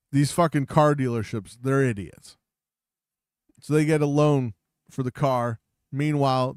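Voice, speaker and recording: A man's voice: medium pitch, a little mellow, clean tone, no echo, studio quality. A man co-hosting a casual podcast with profane, mocking banter. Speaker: podcast co-host. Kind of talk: casual chat.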